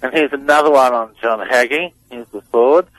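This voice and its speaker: A man's voice: mid-range voice, a little fast, a bit bright, rough recording. A man appearing as a radio guest, explaining audio clips in a hesitant, amused way with many fillers. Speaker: guest analyst.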